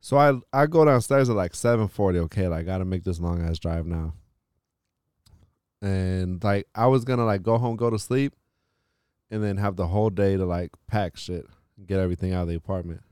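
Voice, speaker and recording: A man's voice: low voice, a little fast, clean tone, no echo, clean studio sound. A man hosting a podcast, telling a long story in casual chat, swearing often and filling his talk with "like". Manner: profane, animated storytelling with frequent "like". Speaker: podcast host.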